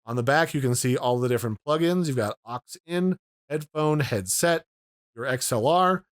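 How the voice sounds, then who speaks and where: A man's voice: medium pitch, normal speed, no room sound, clean studio sound. A man reviewing and unboxing an audio mixer in a casual, explanatory way. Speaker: tech reviewer.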